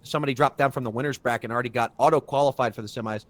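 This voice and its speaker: A man's voice: mid-range voice, fairly even intonation, very fast, no room sound. A man casting a live esports match, giving play-by-play commentary with dramatic build-ups. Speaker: esports caster.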